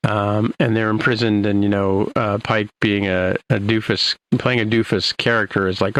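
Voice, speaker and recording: A man hosting a podcast, recapping an episode in a rambling, halting way with many restarts. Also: lowish voice, little pitch movement, a bit bright, no room sound, poor audio. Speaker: podcast host.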